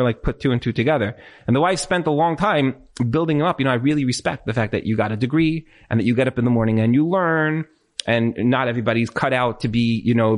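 A man telling anecdotes in a casual, animated way, acting out what people said in shifting voices, with many "like" fillers. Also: a little high. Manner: animated storytelling, acts out quotes in other voices; conversational, lots of filler "like".

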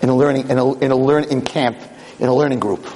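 A man giving a theatrical sermon, telling a story with lively, shifting delivery in an echoey lecture hall. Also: medium pitch, quick pace. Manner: animated, theatrical, shifting pace. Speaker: rabbi lecturer.

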